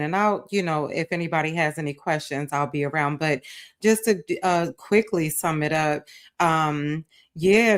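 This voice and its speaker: A woman judging a debate, giving a relaxed, casual recap with many hesitations. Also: deep voice. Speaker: debate judge.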